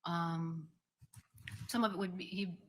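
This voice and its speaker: A woman in her forties testifying in a courtroom, speaking haltingly with many pauses and ums. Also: lowish voice, fairly even intonation, a bit bright. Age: 40s. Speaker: defendant testifying.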